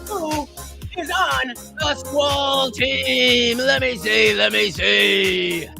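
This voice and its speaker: A man live streaming, chatting casually with his audience, hyped and shouty, profane, dropping to mumbled asides. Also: extremely high pitch, extremely slow, gravelly, over music.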